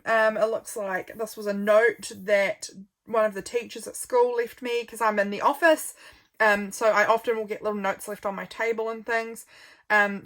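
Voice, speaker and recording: A young woman with a New Zealand accent talks casually through her journal pages, her voice a little high and fairly bright. She rambles, with plenty of ums and easy laughter, and sounds a little yawny as a journal vlogger.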